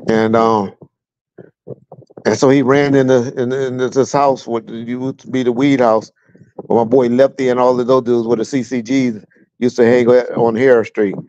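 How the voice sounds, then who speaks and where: A man's voice: medium pitch, level tone, moderate pace, darkish tone, no room sound, muffled recording. A middle-aged man from Southern California, a guest telling blunt, profane stories about his police years in a casual livestream chat, chuckling as he goes. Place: at home with a fan running.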